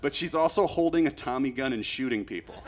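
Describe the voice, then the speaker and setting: A man telling a long comic story on stage, rambling and growing loud and frantic as he acts out his panic. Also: medium pitch, quick pace, over loud music. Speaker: stand-up comedian. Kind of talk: stand-up storytelling.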